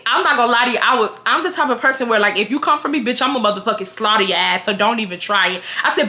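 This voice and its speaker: A young woman from Houston tells a storytime straight to her phone camera, her voice bright and a little high. She talks fast and heated, full of cursing and worked-up asides. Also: lively intonation. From Houston, Texas. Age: 20s. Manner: profane, heated, rapid storytelling. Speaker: vlogger. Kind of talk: storytime vlog rant.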